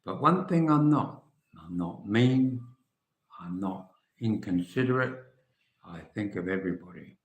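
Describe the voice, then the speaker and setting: An English man in his seventies chatting casually and frankly to viewers on a live stream, rambling and trailing off quietly at the ends of phrases. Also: on the low side, lively intonation, unhurried. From England. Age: 70s. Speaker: vlogger. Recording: echoey room.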